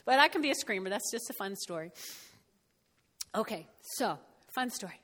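A woman pastor preaching a lively, folksy sermon to a congregation. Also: medium pitch, normal speed. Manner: lively, folksy, with whoops and laughs. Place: church. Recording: church hall reverb.

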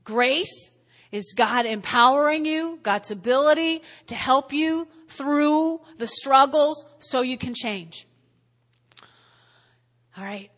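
Woman preaching, high bright voice, repeats stuff, goes soft then loud, hall echo. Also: expressive, slow pace. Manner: repetitive, call-and-response, swings from quiet to loud. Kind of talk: sermon. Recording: hall reverb.

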